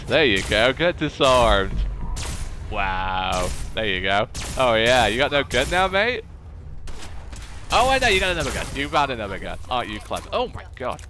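A man's voice: medium pitch, sharp tone. A man commentating a game playthrough in a chatty, jokey way, talking to the characters on screen. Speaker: gaming YouTuber. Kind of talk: let's play commentary.

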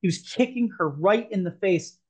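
A man's voice: high-pitched, animated, moderate pace, darkish tone. A man as a podcast guest, earnestly telling a personal story, rambling with frequent restarts.

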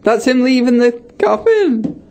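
A man's voice: extremely high pitch, sing-song, measured pace, a little mellow. A young British man co-hosting a student radio show, dry and matter-of-fact in casual banter. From Britain. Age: young adult. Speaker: co-host playing sound effects. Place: radio studio.

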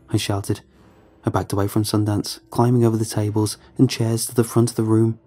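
Dark, husky male horror narrator. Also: lowish voice, flat delivery, a little fast, faint music behind.

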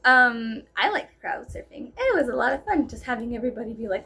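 A woman's voice: a little high, big pitch swings, brisk, bright, forceful tone, slightly rough. A woman in her thirties from South Texas rambling through a casual story with heavy fillers and free swearing. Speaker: storyteller vlogger. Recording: faint background noise.

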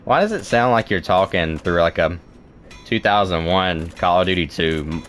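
A man's voice: low voice, normal speed, slight background noise. A young man giving playful let's play commentary, chatting to the game and yelping at what happens. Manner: talks to the game, playful and excitable, yelps. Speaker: gaming video host.

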